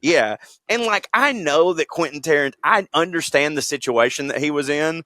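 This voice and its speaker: A man co-hosting a podcast with quick, profane banter. His voice is bright and forward, and the sound is dry and close, with no room around it. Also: on the high side, animated, no room sound. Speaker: podcast co-host. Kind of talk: casual podcast chat.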